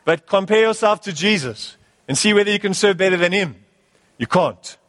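High-voiced male pastor preaching. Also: expressive, moderate pace, fairly bright tone, big-room sound. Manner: emphatic, repetitive exhortation. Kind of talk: sermon.

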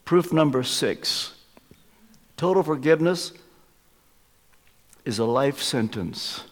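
A male preacher with a fairly high, very lively voice, pressing points hard and then dropping to hushed asides. His sermon rings out with a long reverb that fills a large church hall. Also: slow pace. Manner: emphatic, swings from loud stresses to hushed asides.

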